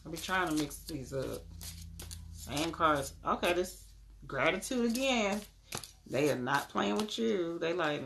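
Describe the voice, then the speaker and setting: A young woman, giving an animated live tarot reading and greeting her viewers. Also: sits low, takes it slowly, creaky, pauses often, a little hiss or hum. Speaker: spiritual tarot card reader.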